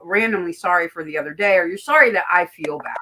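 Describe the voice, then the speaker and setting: A woman's voice: fairly low pitch, fast talker, noisy background. A woman hosting a casual chat, talking animatedly and acting out quoted apologies. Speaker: tarot podcast host.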